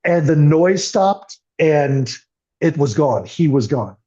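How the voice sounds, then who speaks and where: A man's voice: a little high, lively intonation, takes it slowly, warm tone. An older man telling his recovery story as an interview guest, earnest and emotional. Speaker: podcast guest. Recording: muffled lo-fi audio.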